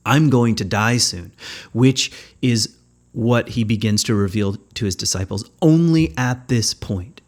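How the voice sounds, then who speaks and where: A man's voice: mid-range voice, measured pace, darkish tone. A man giving a reflective spiritual teaching talk as a podcast host, thoughtful and conversational, often searching for words.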